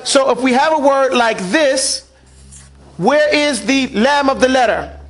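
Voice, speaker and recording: In a classroom lesson on Quran recitation, a man asks the students questions and drills them to repeat after him. His voice is extremely high, a bit bright, and unhurried.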